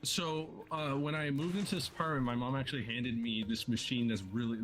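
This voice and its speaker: A man in casual stream chat, excitable and jokey. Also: medium pitch, fairly quick, faint music behind. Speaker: guest streamer.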